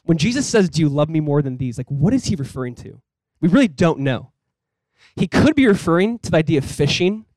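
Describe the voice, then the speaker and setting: A male pastor preaching a sermon in a conversational, earnest way, with casual fillers. He often drops quiet and low on key points. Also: very animated, a little fast, no room sound, poor audio.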